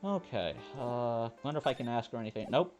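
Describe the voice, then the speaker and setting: A man's voice: medium pitch, lively intonation, brisk, darkish tone. A man casually commenting while playing a video game, joking and reading lines aloud with game music behind him. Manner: joking, voices the game's characters. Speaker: let's play host. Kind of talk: casual let's play commentary.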